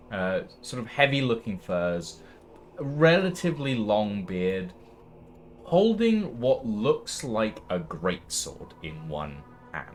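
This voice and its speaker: A man narrating as game master of a tabletop game, unhurried and halting, with many fillers. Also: on the low side.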